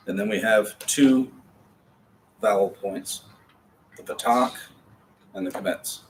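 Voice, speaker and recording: A man's voice: mid-range voice, a little slow, pauses often. A man teaching an adult Hebrew class, explaining patiently with chatty asides. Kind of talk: classroom lecture. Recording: distant mic with faint background noise.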